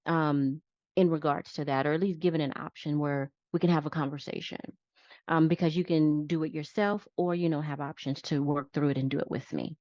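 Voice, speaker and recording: Low-voiced woman explaining calmly, dull recording. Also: a little fast, no echo. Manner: explains in plain, step-by-step terms. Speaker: psychiatric nurse practitioner guest. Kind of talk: conversational interview. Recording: dull lo-fi dry sound.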